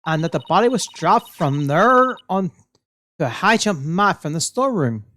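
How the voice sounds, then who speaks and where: A woman's voice: on the low side, big pitch swings, moderate pace, fairly bright tone, slight background noise. A woman streamer reading a game's dialogue aloud on a livestream, voicing every character and laughing at her own strained voice.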